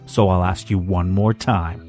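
A man's voice: low voice, steady tone, unhurried, darkish tone, faint music behind. A man reading fan fiction aloud, voicing a sarcastic, threatening male alien intruder.

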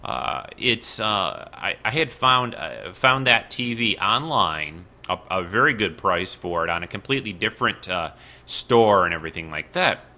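A man's voice: low-pitched, lively intonation, moderate pace, pushed and bright. A man hosting a casual solo podcast from his apartment bedroom, rambling and goofy with lots of fillers. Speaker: podcast host.

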